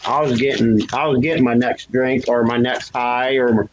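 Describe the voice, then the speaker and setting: With background noise behind him, a man speaks at normal speed in a steady tone, casually and candidly recounting his past. He laughs at his own story and raises his pitch when imitating others.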